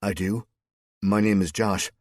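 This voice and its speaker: A man's voice: on the low side, fairly even intonation, a little slow, dry recording, studio quality, pitched above the performer's own voice. Man as a subdued, grim worker. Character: subdued working man under pressure.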